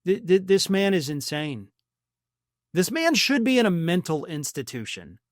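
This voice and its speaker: A man hosting a political commentary channel, ranting in a heated, insulting way. His voice sits high for a man. The sound is dry and close, with no room sound. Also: sing-song, a little slow, no echo.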